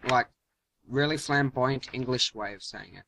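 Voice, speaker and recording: A man's voice: medium pitch, moderate pace, gravelly, bright, forceful tone, slight background noise. A man co-hosting a let's play, chatting casually with goofy, playful wordplay. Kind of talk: casual gameplay chat.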